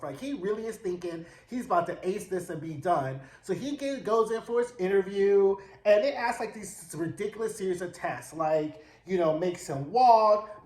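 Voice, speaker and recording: Sassy high-voiced man recapping a show. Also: reverberant. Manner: sassy, slangy and profane, acting out characters' lines. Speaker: TV recap reviewer.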